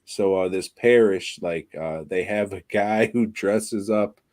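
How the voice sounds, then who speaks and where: Podcast co-host, male, low voice, unhurried, crude rambling delivery. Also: darkish tone, no room sound. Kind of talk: casual profane chat.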